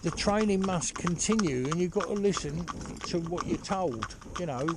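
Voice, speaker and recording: A horse trainer talking casually outdoors while driving a pony cart, rambling and chatty with lots of "you know". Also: male voice, sits high, animated, moderate pace. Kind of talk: casual spoken instruction while driving ponies. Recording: loud hoof clatter and outdoor noise.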